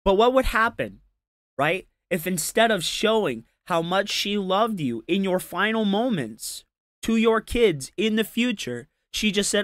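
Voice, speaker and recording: A man's voice: high voice, lively intonation, unhurried, a bit bright, dry recording, studio quality. A man doing casual reaction commentary on a stream, ranting in an exasperated, profane and mocking way.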